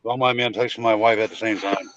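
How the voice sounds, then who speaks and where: A man's voice: lowish voice, steady tone, quick pace, fairly bright tone, no echo, muffled recording. A man in a casual chat who talks bluntly and sarcastically, with emphasis.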